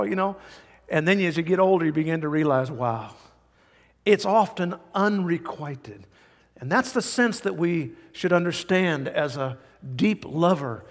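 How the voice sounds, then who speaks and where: A man preaching a sermon as pastor, animated and passionate, voicing scripture quotes with emphasis. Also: high voice, a little slow, long reverb tail.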